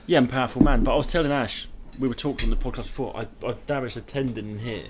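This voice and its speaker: A man's voice: mid-range voice, racing, slight background noise. A man co-hosting a live comedy podcast, telling rambling anecdotes in casual chat. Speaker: podcast co-host.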